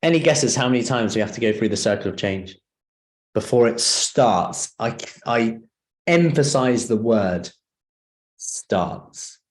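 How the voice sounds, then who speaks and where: A man's voice: mid-range voice, lively intonation, moderate pace. A man leading a live seminar as a personal trainer, talking conversationally and often asking the audience questions.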